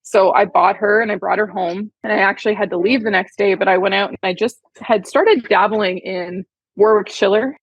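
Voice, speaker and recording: Chatty, heartfelt woman with a husky voice, recorded dry. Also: mid-range voice, moderate pace, no echo, highs cut off. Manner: chatty, heartfelt, many "like" fillers. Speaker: podcast guest, horse trainer. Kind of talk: casual storytelling interview.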